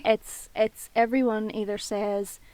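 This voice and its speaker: A Northern Irish woman in her twenties, co-hosting a podcast in expressive casual chat, swearing freely. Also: medium pitch, unhurried, no room sound. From Northern Ireland. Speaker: podcast co-host.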